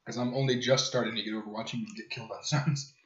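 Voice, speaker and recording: A man's voice: mid-range voice, fairly even intonation, quick pace. A young man hosting a podcast, telling jokey stories and mocking people he quotes. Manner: joking, storytelling with mocking quoted voices. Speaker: podcast host. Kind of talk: casual chat. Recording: roomy, dull lo-fi home recording.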